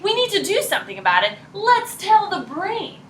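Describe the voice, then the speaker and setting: A teacher doing indignant tattling nerve cells. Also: female voice, extremely high pitch, big pitch swings, normal speed, heavy background noise, voice pushed up. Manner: indignant, exaggerated exclamations. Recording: roomy classroom echo.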